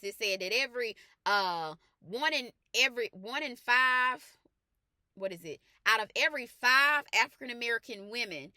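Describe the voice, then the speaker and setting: A woman who works as a faith life coach, telling a personal testimony in an animated, colloquial way that turns to earnest preaching with repeated emphatic phrases. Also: on the high side, dry recording, studio quality.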